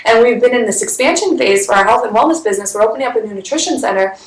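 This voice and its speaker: A woman's voice: fairly high pitch, lively intonation, rapid-fire, reverberant, slight background noise, poor audio. A woman from Chicago who runs a wellness business, telling a story in casual livestream talk, bubbly and laughing often, with lots of "like".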